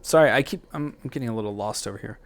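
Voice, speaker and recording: Heavy background noise surrounds a man who talks very fast in a mid-range voice. He hosts a music software tutorial, musing aloud in a loose, rambling way with lots of fillers and self-corrections.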